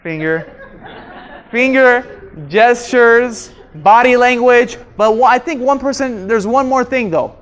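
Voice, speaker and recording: A man teaching a workshop to a live audience, quizzing the room and acting out his examples in an animated way. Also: very high voice, slow pace, lo-fi sound, a faint crowd. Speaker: workshop instructor. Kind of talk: interactive seminar lecture.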